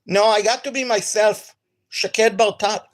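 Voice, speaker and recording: Energetic woman streamer with an accent. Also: mid-range voice, unhurried. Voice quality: non-native accent. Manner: extremely energetic, enthusiastic. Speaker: gaming streamer. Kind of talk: live stream chat to viewers.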